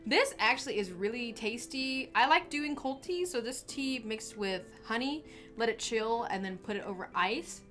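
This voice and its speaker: Speaking at a normal pace with an expressive, slightly bright voice on the high side, this livestream host rambles from her small home studio, restarting often and laughing. Faint music plays behind her, and a desk camera mic captures the sound.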